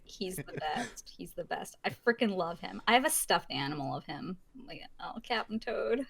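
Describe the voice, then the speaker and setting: Lively, giggly young woman. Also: fairly low pitch, moderate pace, gravelly, slightly rough. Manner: gushing, giggly, animated. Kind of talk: casual chat.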